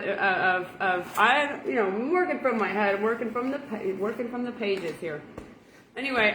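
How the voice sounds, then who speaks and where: A woman's voice: mid-range voice, a bit bright, echoey room, slight background noise, rough recording. A woman from Oklahoma, giving a chatty, rambling online sermon and laughing at her own jokes. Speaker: online preacher. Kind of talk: casual folksy sermon.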